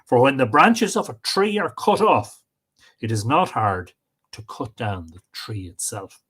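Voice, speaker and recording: A man voicing a boastful, vengeful King of France in a spoken myth retelling, declaiming his lines with a raised pitch. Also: sing-song, unhurried, fairly bright tone, breathy edge, full character voice.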